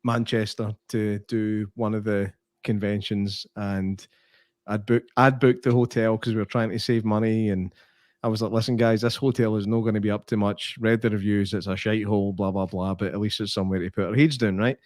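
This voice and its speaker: A man's voice: on the low side, flat delivery, brisk, darkish tone, no echo. A Scottish man co-hosting a podcast, telling stories in a teasing, laughing way. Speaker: podcast co-host. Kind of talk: casual chat.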